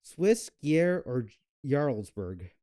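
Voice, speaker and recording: A man's voice: mid-range voice, sing-song, very slow, dark tone. A young man hosting a cooking video, chatting casually and rambling with lots of fillers and self-mocking jokes. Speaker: cooking channel host. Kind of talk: casual cooking vlog chat.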